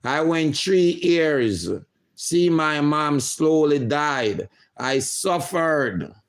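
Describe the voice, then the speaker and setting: A middle-aged man hosting a livestream, reading viewer comments aloud in a slow, emotional way. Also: on the high side, lively intonation. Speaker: livestream host.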